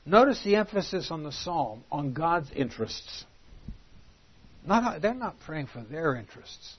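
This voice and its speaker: A man leads a Bible study, reading scripture aloud with rising emphasis before breaking it down for his class. His voice sits a little high and has a husky edge. The recording is dull and lo-fi. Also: big pitch swings, a little slow. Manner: reads scripture aloud in King James wording, then explains; emphatic, rising on quoted lines. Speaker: Bible teacher.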